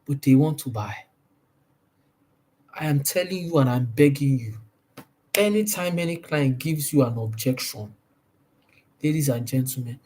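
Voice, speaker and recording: A man's voice: medium pitch, a little mellow. A man giving a sales training talk, pressing each point hard and repeating key phrases. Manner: emphatic and repetitive, stresses points by repeating them.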